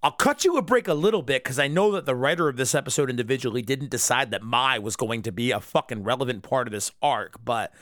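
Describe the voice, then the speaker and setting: A man's voice: mid-range voice, fast talker, hardly any pauses, fairly bright tone, no room sound, clean studio sound. A drunk man ranting alone about an episode he disliked, angry and full of swearing. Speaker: anime reviewer. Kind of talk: solo episode review rant.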